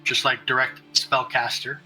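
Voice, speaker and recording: Bright-voiced man running a tabletop game. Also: medium pitch, soft background music, low-quality recording. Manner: relaxed, halting narration with many fillers. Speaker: game master.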